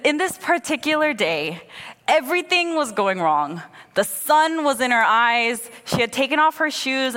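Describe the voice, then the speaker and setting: A woman in her thirties giving a sermon, praying and then telling candid, animated stories in a conversational way. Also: fairly high pitch. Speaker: preacher. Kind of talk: sermon with opening prayer. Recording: long hall reverb.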